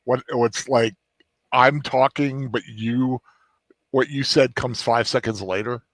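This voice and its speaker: A man's voice: medium pitch, fairly even intonation, slow pace, fairly bright tone. Male co-host, casual and wry, dry un-reverberant home mic. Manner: wry, joking asides. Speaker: regular co-host. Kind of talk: casual livestream chat.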